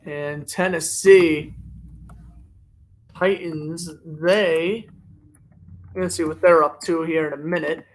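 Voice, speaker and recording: A young man calls a football game as an amateur play-by-play commentator, with a high voice. He walks through downs, scores and standings in a running, conversational commentary. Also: slow pace, pauses often. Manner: excitable, gets loudly indignant at referees. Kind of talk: amateur live sports commentary.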